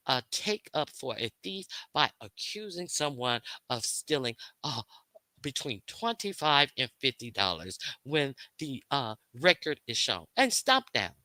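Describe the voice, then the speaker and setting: Bright-voiced woman ranting angrily. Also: deep voice, dry recording. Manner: confrontational, profane, repetitive. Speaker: livestream host. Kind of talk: heated unscripted rant to viewers.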